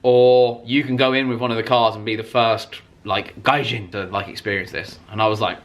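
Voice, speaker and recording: A young man, a car YouTuber, retelling a wild night in an excitable storytime vlog, swearing freely and laughing as he goes. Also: mid-range voice, moderate pace.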